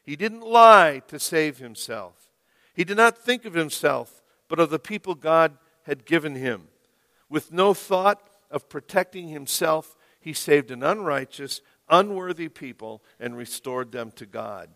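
A man preaching a sermon as the pastor of a church, slow and emphatic, leaning hard on key words. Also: on the high side, lively intonation, gravelly. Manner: slow, emphatic preaching with rising, loud stresses. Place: church sanctuary. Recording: long reverb of a church hall.

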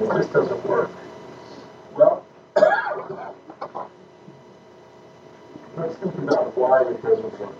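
Emphatic man teaching in an echoey room. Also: medium pitch. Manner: emphatic, conversational, checks understanding with "okay?". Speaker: pastor teaching a class on parenting. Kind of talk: informal teaching talk with questions. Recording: echoey room, distant mic, muffled, noisy.

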